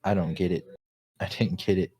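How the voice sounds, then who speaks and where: A young man with a fairly low voice tells a story on a casual podcast. He swears freely and keeps breaking into laughter as he talks. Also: steady tone, moderate pace, warm tone, husky. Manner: laughs often while telling stories. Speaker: podcast co-host. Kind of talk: casual chat.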